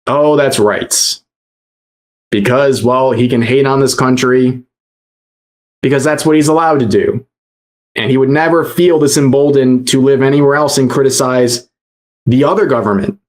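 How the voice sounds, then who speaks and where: A man's voice: mid-range voice, steady tone, moderate pace, a little mellow. Sarcastic young man doing reaction commentary. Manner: sarcastic, mocking. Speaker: commentary streamer host.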